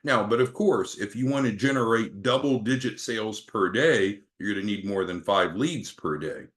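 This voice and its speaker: A man's voice: fairly low pitch, normal speed, a bit bright. A man leading a sales training meeting, upbeat, coaching and calling on team members by name.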